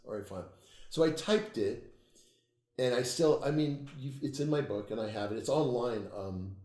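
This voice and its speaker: A man, an occult author, telling stories in a casual interview, swearing freely and getting animated. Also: medium pitch, moderate pace, roomy sound. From United States. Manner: profane, animated storytelling, laughs at own tales.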